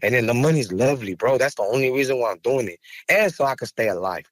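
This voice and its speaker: A man's voice: mid-range voice, lively intonation, fast talker, dry recording. Podcast guest: man, heated and profane, dry close studio sound. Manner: raw, angry, profane, rising to heated outbursts. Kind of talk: emotional interview talk.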